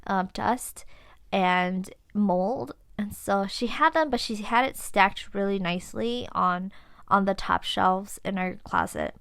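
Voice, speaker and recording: A young adult woman hosts a podcast, casually telling a personal story and acting out what people said, quoting herself with animation. Her voice is medium-pitched, creaky and smooth, with no room sound.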